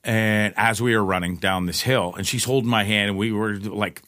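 A man telling a personal story in casual, profane speech, with lots of restarts and an animated delivery. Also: normal speed, dry recording, clean studio sound. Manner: profane, rambling, restarts often; animated retelling, pitch jumps in quoted lines.

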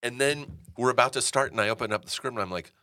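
A man's voice: mid-range voice, quick pace, pushed and bright. A man being interviewed as an actor, telling stories animatedly and swearing freely. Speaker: actor guest. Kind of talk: casual interview storytelling.

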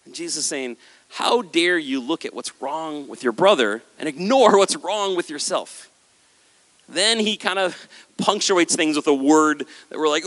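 A man preaching a sermon on stage with a handheld microphone, animated and acting out the voices of listeners and Jesus. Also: a little high, measured pace. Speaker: pastor. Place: large hall with a stage. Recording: hall with long reverb.

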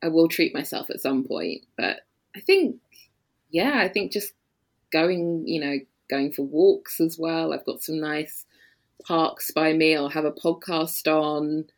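London woman guest on a podcast, pretty low voice, easygoing chatter with lots of ums and little laughs. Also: measured pace. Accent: London English. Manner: chatty, laughs often, many fillers. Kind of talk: casual interview chat.

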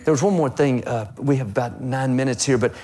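A man's voice: mid-range voice, brisk, warm tone. Male host of a faith talk show, encouraging tone, leans on scripture.

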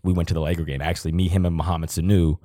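Deep-voiced man in casual, heartfelt talk. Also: flat delivery, racing, mellow, no room sound, clean studio sound. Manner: rambling, heartfelt, swears freely. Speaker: podcast co-host. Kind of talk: casual emotional conversation.

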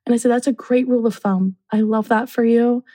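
A woman who works in university residence life, telling a story casually and acting out what people said in lively voices. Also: a little high, a little fast. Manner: animated, acts out quotes.

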